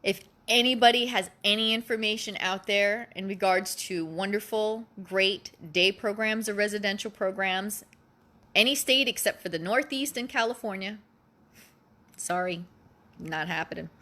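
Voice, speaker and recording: A woman's voice: mid-range voice, moderate pace, sharp tone. A mother speaking earnestly and emotionally to other parents, pleading and repeating herself for emphasis, close to tears. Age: adult parent of a child. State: near tears. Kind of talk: emotional personal address.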